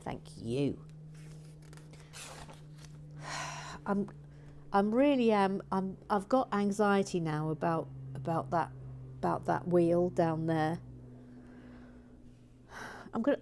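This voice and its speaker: A woman's voice: medium pitch, animated, a little slow, pauses often, a little hiss or hum. Playful woman chatting while she builds. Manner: playful and silly, drifting into soft whispers; hums and mutters while working. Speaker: host of a LEGO building channel. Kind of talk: casual chat while building, reading viewer messages.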